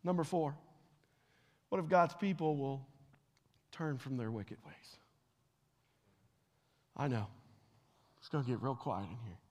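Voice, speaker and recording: A middle-aged man preaching a revival sermon to a church crowd, swinging between loud, emphatic calls and hushed, personal talk, often repeating words as he restarts phrases. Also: mid-range voice, measured pace, long pauses. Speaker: pastor. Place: large church sanctuary with live audience. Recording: long hall reverb.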